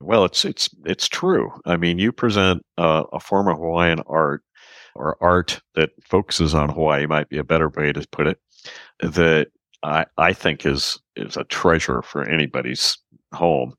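A very deep-voiced man hosts an interview with eager, rambling enthusiasm, often restarting his sentences. The sound is dry and close, as on a video call. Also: a little slow, fairly bright tone, no room sound. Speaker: podcast host. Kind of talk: casual interview chat.

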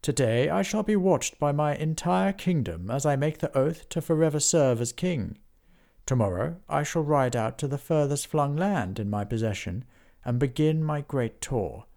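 A man voicing a young king who speaks in a stately, measured way. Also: fairly high pitch, expressive, creaky, a little mellow, pitched above the performer's own voice. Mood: commanding.

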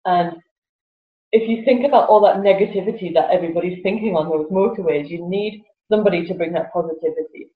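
A woman's voice: fairly low pitch, fast talker. A woman, a guest in an interview, telling stories animatedly, laughing often and acting out voices. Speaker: guest, laughter yoga teacher. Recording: roomy, slightly dull sound with faint music.

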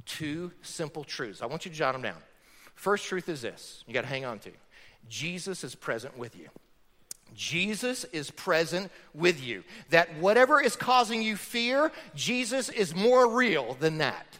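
Lively high-voiced pastor preaching in a hall. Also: male voice, a little slow. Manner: emphatic, rhetorical questions to the congregation. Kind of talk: sermon. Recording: long reverb of a large hall.

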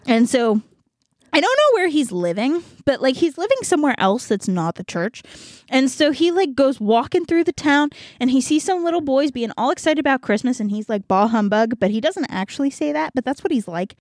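A woman's voice: sits high, big pitch swings, brisk, a little mellow, no room sound, studio quality. A young woman hosting a podcast, casually retelling a story with a rambling, giggly manner and many fillers. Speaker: podcast host. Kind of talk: casual chat.

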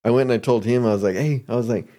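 A man's voice: mid-range voice, very fast, dark tone. Laid-back slangy man telling a story. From Arizona. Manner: laid-back, slangy, mimics people in his stories. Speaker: podcast guest. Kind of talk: casual storytelling.

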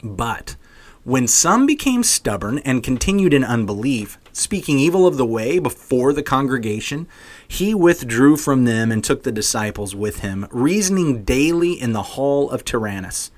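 A man's voice: mid-range voice, very animated, normal speed. A man co-hosting a Bible podcast, reading scripture expressively like a story for kids and chatting casually. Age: adult parent. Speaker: podcast co-host.

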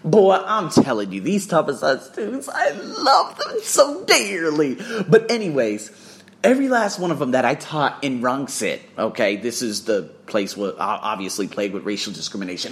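A man telling a travel story in a casual vlog, profane and excitable, swearing freely as he talks. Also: medium pitch. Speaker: vlogger and English teacher.

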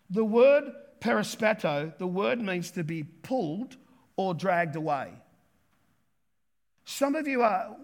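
A male pastor with a high voice preaches a sermon emphatically. He repeats key words and acts out quotes.

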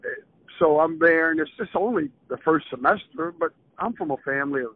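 A man in his seventies from southern Maryland, a retired basketball coach telling stories in a casual, animated way as an interview guest. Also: a little high, brisk, no room sound. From southern Maryland, USA. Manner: animated storyteller, acts out quoted voices. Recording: tinny phone-line audio.

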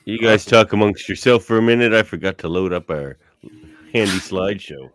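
A man's voice: on the low side, brisk. A man co-hosting a podcast, chatting casually and dropping dry, teasing asides. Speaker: podcast co-host. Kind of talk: casual chat.

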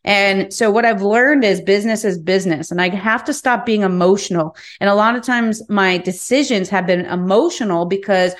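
A woman's voice: medium pitch, moderate pace, hardly any pauses. A woman hosting a business podcast, speaking frankly in a candid monologue, cursing now and then and repeating words as she works through her thoughts.

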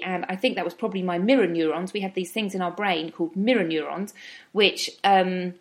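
Thoughtful woman teaching calm reflection. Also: medium pitch, fairly quick. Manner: thoughtful, with acted inner-voice asides. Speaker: wellbeing speaker.

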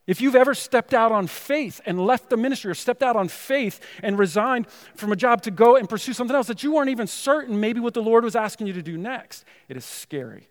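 Male pastor with a high voice in a church hall with long reverb, preaching with loose, chatty asides. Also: animated, fairly quick, few pauses. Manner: conversational preaching, many "you know" and "right?" asides. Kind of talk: sermon. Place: church sanctuary.

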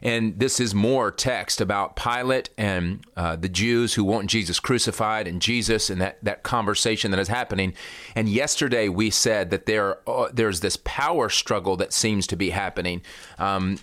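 A man leading a daily devotional as pastor, reading scripture and reflecting in a relaxed way, with frequent pauses and fillers. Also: fairly low pitch, no echo.

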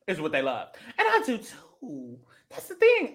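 A lively podcast co-host recaps a reality show, gossiping and swearing freely. The voice swings widely up and down and sounds bright and sharp. They act out what people said in little voices. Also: medium pitch, a little slow. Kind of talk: casual chat.

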